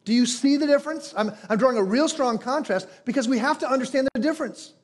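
High-voiced man preaching with emphasis. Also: fast. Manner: animated, emphatic preaching with rhetorical questions. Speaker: pastor. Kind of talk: sermon.

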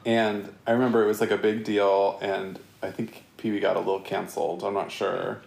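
A man with a somewhat low voice hosts a casual podcast and keeps the chat loose with crude, teasing jokes. The room is bare and his voice rings off the walls. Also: flat delivery, vocal fry, darkish tone. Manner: joking, teasing, quick to crude punchlines. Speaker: podcast host. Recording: roomy echo.

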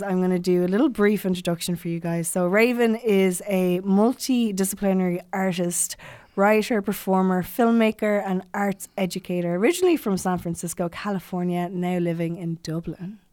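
A woman hosting a podcast in casual chat, hoarse from a chest infection, bubbly and quick to laugh. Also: medium pitch, steady tone, a little mellow, dry recording. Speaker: podcast host.

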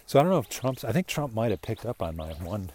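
An older man with a lowish voice giving a loose, rambling commentary monologue. He chuckles between points and often slips into mocking voices. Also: big pitch swings, fast, a little mellow, slight background noise. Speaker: political commentator. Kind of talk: casual monologue.

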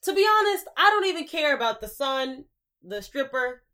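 A woman's voice: high voice, sing-song, normal speed, bright, forceful tone. A woman hosting a casual podcast, talking through her opinions in an easygoing conversational way. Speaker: podcast host.

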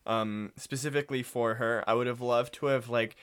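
A man's voice: medium pitch, fairly even intonation, normal speed, a bit bright, clear, resonant tone. A man co-hosting a podcast, reacting in casual chat, rambling with many "like"s and enthusiastic asides. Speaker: podcast co-host.

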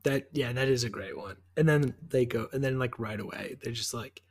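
A man's voice: mid-range voice, normal speed. Rambling man in casual podcast chat. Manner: rambling, many fillers, enthusiastic. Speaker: podcast co-host.

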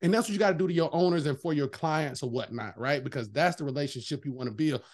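A man chatting casually as a guest, an animated, emphatic storyteller who swears freely and slips into voices when quoting people. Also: fairly high pitch, fast talker. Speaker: veterinary technician guest. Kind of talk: casual chat.

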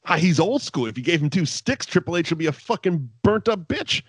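A man's voice: fairly high pitch, sing-song, fairly quick, breathy edge, no echo. Guy rambling through a wrestling recap, swears a lot, laughs a bunch, voice jumps all over, dry close sound. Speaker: podcast co-host. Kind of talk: casual wrestling recap chat.

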